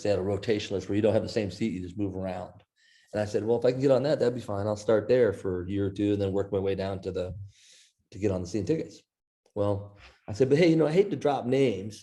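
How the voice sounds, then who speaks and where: Middle-aged guy from iowa telling a story on a podcast, fairly low mellow voice, acts out the other people's lines. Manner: animated anecdote teller, quoting others in his own voice. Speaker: guest author. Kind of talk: storytelling in an interview.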